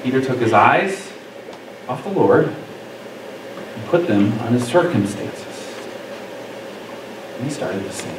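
A man preaching a sermon as pastor, expressive, acting out the lines he quotes. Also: medium pitch, slow, long pauses. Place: church sanctuary. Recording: echoey church room from far off, faint noise.

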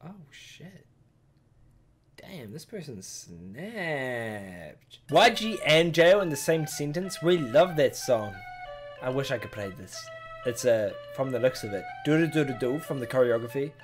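A man giving excitable, joking reaction commentary, swearing casually as he goes. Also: mid-range voice, measured pace, soft background music. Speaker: YouTuber.

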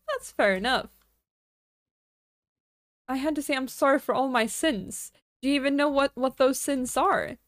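A woman's voice: high-pitched, no echo, clean studio sound. A woman streamer in casual live-stream chat, chatty and giggly, laughing often as she rambles and answers her viewers.

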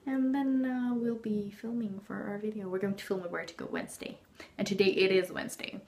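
A woman's voice: medium pitch, fairly even intonation, fairly quick, a little mellow. A young woman from the Netherlands with a Dutch accent, chatting casually in her home vlog. She rambles along with lots of fillers and laughs, filming herself in her bedroom on a handheld camera. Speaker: vlogger.

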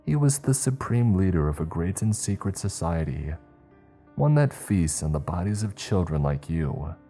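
A man's voice: low-pitched, very animated, normal speed, warm tone, soft background music. A man voicing a vain, chatty cult witch who shrieks and hisses at children. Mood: rambling. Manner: hissing, indignant, rambling.

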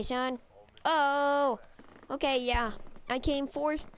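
A woman's voice: high-pitched, clean tone. A woman giving playful, goofy live commentary while playing a shooter game, with silly chants and voices. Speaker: gamer.

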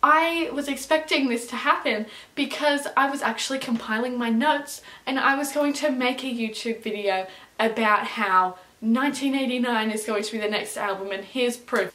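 A woman's voice: sits high, a bit bright. A young woman, chatting casually as she reacts to music, gushing and scattering lots of fillers. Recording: echoey room.

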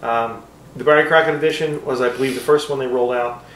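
A man's voice: medium pitch, fairly even intonation, fast, a bit bright, roomy sound, distant mic, a little hiss or hum, poor audio. A man reviewing whiskey in casual chat, rambling and self-deprecating with frequent fillers.

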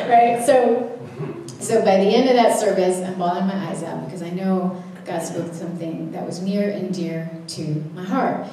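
A young woman addresses a church conference with a sermon-style testimony, recounting her story with humor and performing her own quotes. Her fairly low voice is steady and warm at a moderate pace. Slight background noise and heavy hall echo come through the distant mic.

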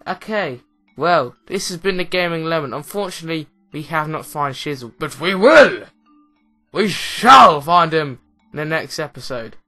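A young man with an English accent gives rambling, excitable let's play commentary, often mocking himself. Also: a little high, normal speed, soft background music. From England. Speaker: gaming commentator.

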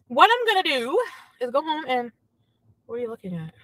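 A woman's voice: high voice, sing-song, a little fast, pauses often, fairly bright tone, no room sound, rough recording. A woman chatting casually on a livestream from her car, gossiping and reading out chat messages.

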